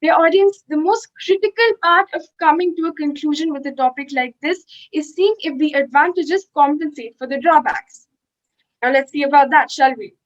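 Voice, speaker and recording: High-voiced teenage girl debater. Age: teens. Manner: rhetorical, addresses the audience directly. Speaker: school debater speaking for the motion. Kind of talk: formal competitive debate speech. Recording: dull lo-fi call audio.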